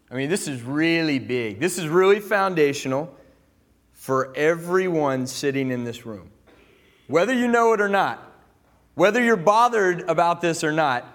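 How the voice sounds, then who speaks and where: A man preaching a sermon to a congregation in an animated, joking way, having them repeat words back to him. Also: a little high. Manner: calls for the audience to repeat words. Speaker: pastor. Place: church gathering room with listeners.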